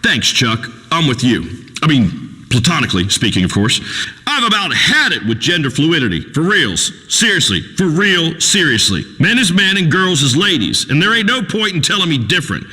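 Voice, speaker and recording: A man's voice: on the high side, sing-song, normal speed, sharp tone, husky, in a large hall, heavily acted. An actor playing a crude, preachy rural male talk radio host who rambles and pontificates in a folksy way. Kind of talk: radio call-in show acting.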